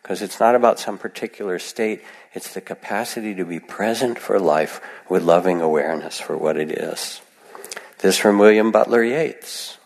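A low-voiced man with a gravelly edge gives a gentle, unhurried dharma talk. He speaks in a conversational way, full of asides to his listeners. His voice rings with the long reverb of a large hall. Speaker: meditation teacher. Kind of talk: dharma talk to a live audience.

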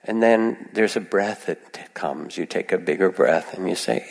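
Man, meditation teacher, deep voice, gentle reflective dharma talk, long hall reverb. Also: normal speed, vocal fry, hardly any pauses. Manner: gentle, reflective, conversational with many asides. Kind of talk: dharma talk to a live audience.

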